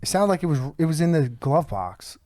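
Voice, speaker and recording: A man hosting a podcast, telling a story in casual chat, animated and profane with lots of fillers. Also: fairly high pitch, fairly quick, no echo. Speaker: podcast host.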